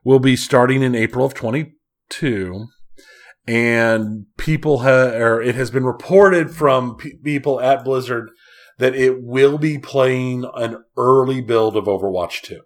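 A man hosting a podcast, with a mid-range voice, talking casually as he goes through gaming news. His tone is relaxed, and he often restarts a sentence. The delivery stays conversational. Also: mid-range voice, a little slow. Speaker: podcast host. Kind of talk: casual chat and news rundown.

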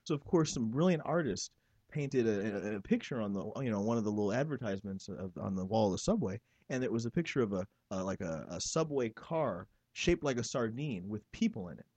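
A man's voice: fairly low pitch, lively intonation, a little fast, darkish tone, husky, no room sound, dull audio. A man chatting casually on a podcast, telling anecdotes. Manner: anecdotal storyteller. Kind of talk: casual chat.

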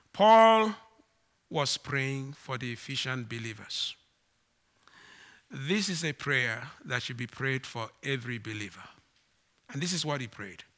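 A man preaching a sermon to his congregation, slow and emphatic, with dramatic swings in pitch and volume. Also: pushed and bright. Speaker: pastor.

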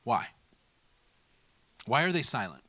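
Male pastor, casual sermon delivery, bright tone, dry close sound. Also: medium pitch, takes it slowly, no room sound. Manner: animated, mimics people in voices, laughs at himself.

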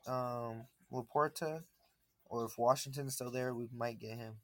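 A man's voice: mid-range voice, steady tone, a little slow, no room sound. A man co-hosting a sports podcast in casual chat, laid-back and slangy with short interjections. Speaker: podcast co-host.

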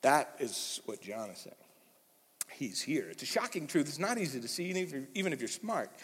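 A man's voice: on the high side, a little fast, slightly rough. Emphatic male pastor in a reverberant hall. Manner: animated, emphatic, swings from loud to hushed; conversational, with fillers. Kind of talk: sermon. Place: church hall.

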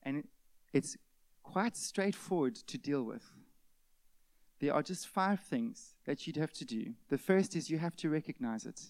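A male pastor preaching a sermon, swinging from loud emphatic peaks to hushed near-whispers and asking the congregation rhetorical questions. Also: on the high side, expressive, a little slow, dry recording.

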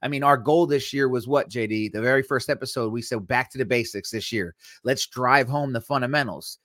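An energetic man chatting casually as co-host, quick to joke and to lighten the mood. His voice sits at an ordinary middle pitch and comes across dry and close, with no room sound. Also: dry recording. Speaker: podcast co-host. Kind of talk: casual chat.

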